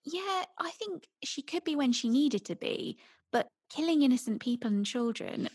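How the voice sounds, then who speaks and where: A woman's voice: high-pitched, lively intonation, normal speed, darkish tone, breathy edge, dry recording, studio quality. A woman in casual chat about a TV series, giving candid, blunt opinions and swearing casually.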